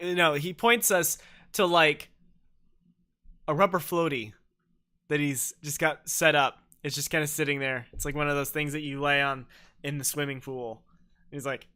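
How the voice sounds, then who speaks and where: A man's voice: fairly high pitch, moderate pace, pushed and bright, smooth. A young man livestreaming a game, chatting playfully and telling jokey stories with silly voices. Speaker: streamer. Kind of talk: livestream gameplay chat.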